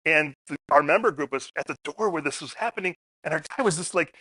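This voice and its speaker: A man's voice: sits high, fairly quick, no room sound. A man giving a personal storytelling talk at a public forum, acting out the people in his stories. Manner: animated storyteller, acts out quotes.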